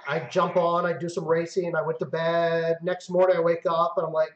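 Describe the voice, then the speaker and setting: A man with a high voice hosts a casual live-stream chat. He tells stories excitably, swears freely and acts out his own outbursts. The sound carries a roomy echo. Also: a little fast. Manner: excitable storyteller, swears, mimics himself loudly. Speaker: host.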